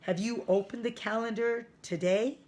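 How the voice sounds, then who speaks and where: A woman's voice: a little high, fairly even intonation, moderate pace, a little mellow, voice pushed up, natural voice. A woman reading aloud, voicing a kind elderly man who sells flowers, friendly and chuckling. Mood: warm, amused. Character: elderly male flower seller, kind, foreign-sounding.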